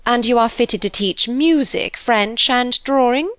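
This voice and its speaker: A woman's voice: on the high side, a little slow, a bit bright, dry recording, pitched above the performer's own voice. A woman voicing a fussy, inquisitive older lady of the manor in a storybook reading. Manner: doting, fussy.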